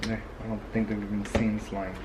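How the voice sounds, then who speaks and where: With a voice on the low side, monotone and moderately paced, a young father talks straight to the camera in a chatty home vlog, shot both at home and in a car. The handheld compact camera picks up background noise and vehicle hum.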